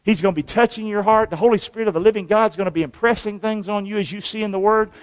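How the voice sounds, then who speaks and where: A man's voice: high voice, fast talker, long reverb tail. A man, a pastor preaching a sermon with call-and-response to his congregation. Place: church sanctuary.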